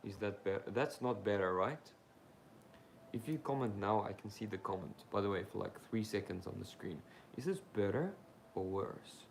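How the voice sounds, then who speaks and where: Young male streamer, lowish gravelly voice, loose rambling chat full of fillers, talks straight to his viewers. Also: normal speed, a little hiss or hum. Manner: rambling and informal, with frequent fillers; talks straight to viewers, asking them questions. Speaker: YouTuber hosting a live Q&A. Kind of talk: casual livestream chat, answering viewer comments.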